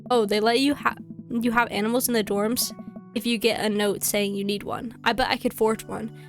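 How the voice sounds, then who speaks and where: A woman reads out a cheerful teenage girl from a video game, light and joking, in a fairly high voice. She barely changes her own voice. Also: steady tone, moderate pace, faint music behind, natural voice.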